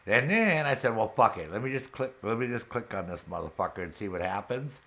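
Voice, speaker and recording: A man's voice: on the low side, lively intonation, brisk, bright, forceful tone. A man hosting a gaming show, casually and profanely retelling his own frustration, often breaking into laughter. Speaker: gaming channel host. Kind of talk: casual chat while gaming.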